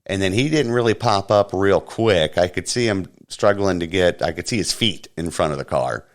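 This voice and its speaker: Very deep-voiced man telling a story. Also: normal speed. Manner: conversational, recounting an anecdote step by step. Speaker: podcast host. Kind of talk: casual podcast storytelling.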